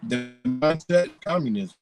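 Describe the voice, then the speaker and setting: A man's voice: mid-range voice, expressive, measured pace, darkish tone, faint music behind, rough recording. A man ranting indignantly in a profane, rambling monologue.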